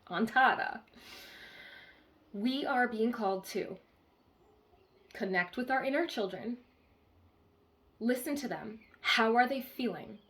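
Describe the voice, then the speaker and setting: A woman's voice: on the high side, lively intonation, slow, long pauses, a bit bright. A woman giving a live-streamed channeled card reading as a spiritual healer, earnestly repeating key phrases and checking in with listeners.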